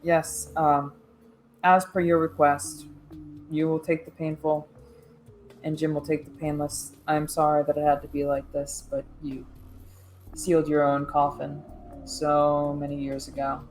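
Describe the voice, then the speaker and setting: Cold formal killer, a player putting it on, quiet and measured, tabletop role-play. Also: medium pitch, monotone, soft background music, close to an everyday voice. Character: cold, formal executioner character.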